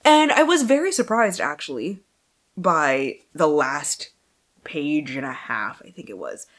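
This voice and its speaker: Animated, chatty woman with a lower voice. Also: measured pace. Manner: chatty, scattered, swears freely, laughs often. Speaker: book vlogger. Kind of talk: casual book wrap-up chat. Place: at home.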